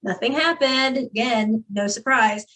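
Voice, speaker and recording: Woman, slightly high voice, earnest, candid testimony, interview guest. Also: measured pace, bright, forceful tone, low-quality recording. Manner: earnest, candid, speaks with many fillers.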